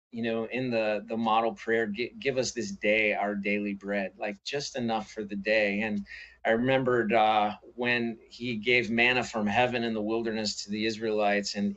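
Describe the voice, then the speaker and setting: A man's voice: mid-range voice, fairly bright tone, rough recording. A middle-aged man, a pastor and author, telling a personal faith story as an interview guest in an earnest, reflective way with frequent fillers and restarts.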